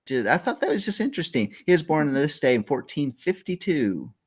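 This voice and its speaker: A man's voice: fairly high pitch, very animated, a little fast, husky. A man hosting a casual morning talk show, reading trivia in a rambling, joking way and laughing often.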